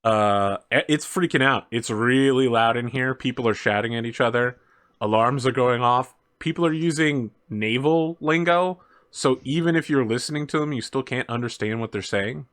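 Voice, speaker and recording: Man narrating as tabletop game master. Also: medium pitch. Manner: relaxed storytelling with fillers and quick asides.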